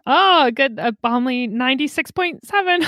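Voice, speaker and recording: A woman's voice: sits high, expressive, slow, a bit bright, dry recording, studio quality. A woman improvising a bubbly, giggly character who rambles with many fillers in a comedic role-play.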